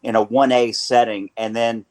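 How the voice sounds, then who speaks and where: A man hosts a sports radio show in a North Carolina accent, his mid-range, darkish voice holding fairly flat in pitch at a normal speed. He rambles playfully and keeps correcting himself as he talks.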